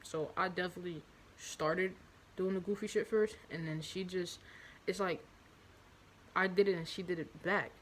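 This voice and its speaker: A woman's voice: fairly low pitch, steady tone, normal speed, long pauses, a little hiss or hum, low-quality recording. A young woman telling a candid confessional story in her vlog, rambling and blunt with many fillers. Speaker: vlogger.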